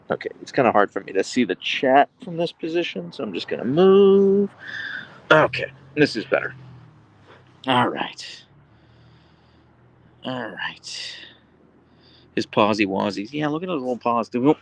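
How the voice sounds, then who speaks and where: A man hosts a casual livestream on a handheld phone camera, cooing at his dog in baby talk and reading viewer comments aloud. His medium-pitched voice is very animated, at normal speed with frequent pauses.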